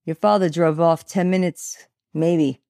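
A woman's voice: lowish voice, steady tone, unhurried, dark tone, dry recording, clean studio sound. A woman voicing a nosy older female neighbor who is blunt and gossipy, calling down from a window in a read-aloud story.

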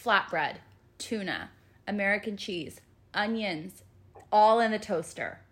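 A woman's voice: medium pitch, animated, unhurried, fairly bright tone. A woman co-hosting a podcast in casual chat, telling stories in a matter-of-fact way and standing firm on her opinions. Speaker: podcast co-host.

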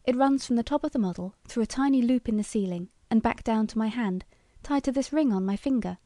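Woman reading an eager young toy salesman, salesy and confiding, mellow tone. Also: fairly high pitch, fairly quick, no echo, close to an everyday voice.

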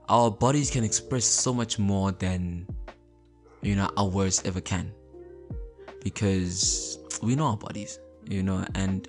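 Male podcast host, low register, loose motivational chat, frequent "you know, right?" check-ins. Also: a little mellow. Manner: conversational, repeats words, checks in with listeners. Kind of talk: casual motivational talk.

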